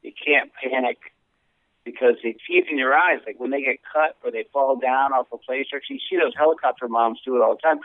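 Brief: joking co-host calling in, slightly high voice, tinny phone line, dry. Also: male voice, animated, fairly quick, no room sound. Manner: joking, acts out panicked parents. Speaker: podcast co-host. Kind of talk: casual chat. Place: remote call from out of town.

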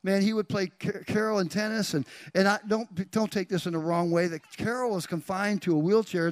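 A man in his sixties, a pastor, telling a testimony in a sermon, animated, swinging from quiet storytelling to loud bursts. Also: high-pitched, dry recording.

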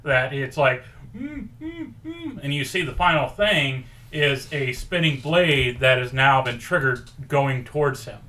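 A man co-hosting a podcast, pitching a story in rambling casual chat and acting out quoted lines. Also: unhurried, few pauses, pushed and bright. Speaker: podcast co-host pitching a movie idea.

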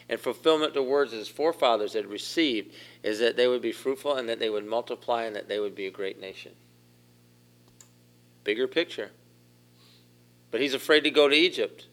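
A man's voice: mid-range voice, a bit bright. A man preaching a conversational sermon, asking the congregation questions as he goes. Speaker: pastor.

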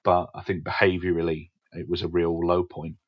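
An English man, a stand-up comedian, frankly recounting his teenage years in a podcast interview, swearing casually and pausing with fillers. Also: sits low, little pitch movement, breathy edge, dry recording. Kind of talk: candid interview storytelling. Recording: dull, dry podcast audio.

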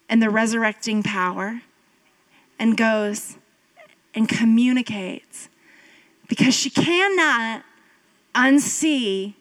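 A woman pastor in her thirties preaching a sermon in a conversational, storytelling way, often jumping up in pitch for emphasis. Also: a bit bright, poor audio. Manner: conversational, with filler "like" and asides.

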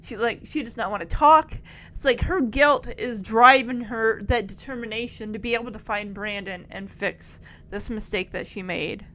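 A woman's voice: a little high, normal speed, fairly bright tone. A woman hosting a TV reaction video, recapping scenes in an emotional, gushing way. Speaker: TV show reaction host.

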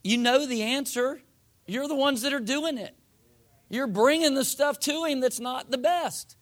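A man's voice: extremely high pitch, fairly even intonation, moderate pace. A man preaching a sermon in a folksy, conversational way, reading scripture and acting out what people say. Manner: folksy, uses voiced asides for the people.

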